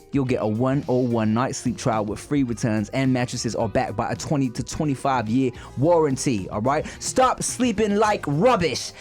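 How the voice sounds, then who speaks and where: A man's voice: medium pitch, darkish tone. Joking man co-hosting with faint music. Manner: jokey, quick short reactions. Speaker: podcast co-host. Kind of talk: casual chat and ad read.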